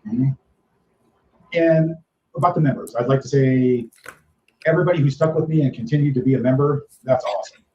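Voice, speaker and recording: A man's voice: medium pitch, brisk, long pauses, a little mellow, reverberant, highs cut off, slight background noise. A man hosting a live stream from the Philippines, rambling casually and greeting his viewers one by one. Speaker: livestream host. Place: home in the Philippines.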